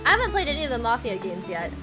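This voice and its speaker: High, lively Texan woman streamer. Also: racing, music in the background. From Texas. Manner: playful, giggly, rambling chatter. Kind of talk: casual live-stream chat while gaming.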